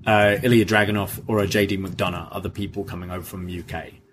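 A man's voice: deep voice, steady tone, quick pace, a bit bright, slight background noise. A man co-hosting a podcast, sharing opinionated takes in casual chat and hedging with "I think". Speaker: co-host.

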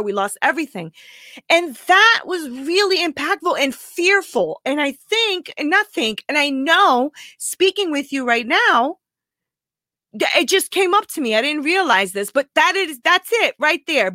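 A woman life coach speaks openly and emotionally to her viewers in a high, very animated voice, pushed and bright, at a normal pace with no room sound. Close to tears, she's raw and confessional in this live talk and keeps asking "right?".

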